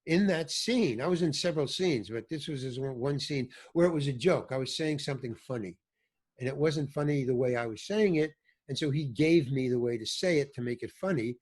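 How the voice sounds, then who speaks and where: A man, an older actor, telling animated stories as a podcast guest and acting out what others said. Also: mid-range voice, a little fast, slightly rough. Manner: animated storyteller, acts out quoted voices. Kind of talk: storytelling in a podcast interview.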